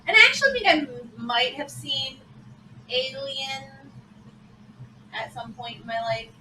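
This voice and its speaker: A woman's voice: high voice, animated, measured pace, sharp tone, slight background noise. A woman playing in a tabletop game, chatty and enthusiastic, asking lots of questions. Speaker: player. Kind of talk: casual tabletop game chat. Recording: echoey room, mic at a distance.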